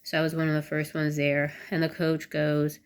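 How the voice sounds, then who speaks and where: A woman's voice: sits low, monotone, moderate pace, clear, resonant tone. A woman vlogger talking candidly and a little rambling, with lots of "like" fillers. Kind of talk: casual talk to camera.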